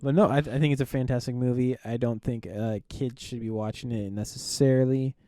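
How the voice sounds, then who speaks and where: Mellow-voiced man, relaxed movie chat. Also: medium pitch, fairly quick, no room sound, clean studio sound. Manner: relaxed, laughs often, hesitant with ums. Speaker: podcast co-host. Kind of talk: casual movie review chat.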